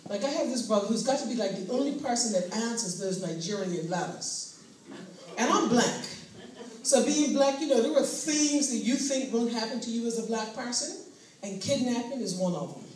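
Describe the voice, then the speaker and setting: A woman performing a stand-up comedy routine, animated in her storytelling and laughing at her own lines. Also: a little high, normal speed. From Bermuda. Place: live comedy venue. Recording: very echoey room, distant mic, faint hiss.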